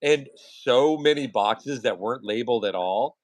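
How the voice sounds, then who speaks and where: A man's voice: mid-range voice, normal speed, no room sound. A man hosting his own livestream, telling stories in casual, profane chat and acting out the people he quotes. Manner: profane, animated storytelling with acted-out quotes.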